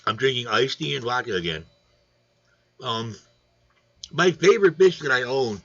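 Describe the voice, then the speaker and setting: A man's voice: fairly low pitch, animated, a little fast, a bit bright, dull audio. A man hosting a casual fish livestream, rambling and joking while greeting viewers by name. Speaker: aquarium channel host. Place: home room.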